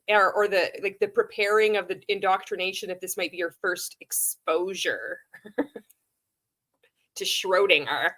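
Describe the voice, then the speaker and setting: Sarcastic woman reacting to a clip. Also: mid-range voice. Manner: sarcastic, laughing, profane. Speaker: commentary vlogger. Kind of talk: reaction commentary.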